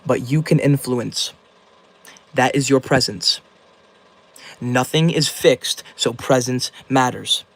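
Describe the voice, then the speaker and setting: A man's voice: medium pitch, takes it slowly, pauses often, poor audio. A young man hosting a casual livestream, reading viewer comments aloud and answering them in loose, slangy rambles. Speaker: livestream host.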